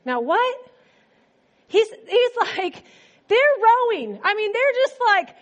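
A woman preacher giving a sermon in a conversational, animated storytelling manner. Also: extremely high pitch, normal speed.

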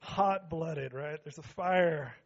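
Joking, high-voiced pastor preaching. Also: male voice, slow pace, muffled recording. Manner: joking with the congregation, rising to shouts. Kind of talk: sermon. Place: church sanctuary.

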